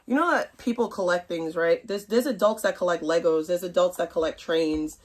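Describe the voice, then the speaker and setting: Blunt woman in her 30s ranting on stream, swears a lot, kinda low voice. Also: normal speed. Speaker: livestream host. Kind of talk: casual rant to stream chat.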